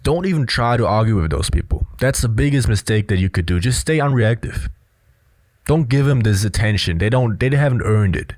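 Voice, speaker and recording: A man's voice: lowish voice, animated, fairly quick, a little mellow. A man giving blunt, assertive casual commentary on a film clip, often filling with "you know". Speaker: body language commentator.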